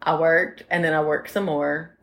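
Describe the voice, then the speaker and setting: A woman's voice: low-pitched, fairly even intonation, normal speed, a bit bright. A woman in her forties co-hosting a podcast, telling rambling stories in casual chat and talking straight to her listeners. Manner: rambling, chatty storyteller who talks to listeners directly. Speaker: podcast co-host.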